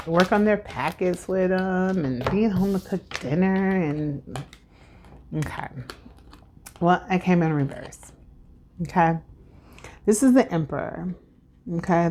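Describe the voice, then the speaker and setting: Woman in her thirties, tarot reader, chatty, lowish voice, home vlog. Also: a little mellow. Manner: chatty, filler-heavy and preachy. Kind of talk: casual tarot reading vlog.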